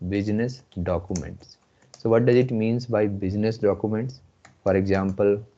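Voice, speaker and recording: Man, Indian English accent, slow, repetitive, low mellow voice, muffled call audio. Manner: slow, repeats phrases often. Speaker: instructor. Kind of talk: live online class.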